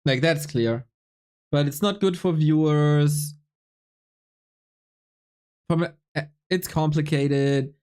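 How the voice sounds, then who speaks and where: A man casting an esports live stream in a relaxed, chatty way, joking with viewers while sounding tired and a bit unwell. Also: on the high side, slow pace, pauses often, smooth. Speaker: esports caster.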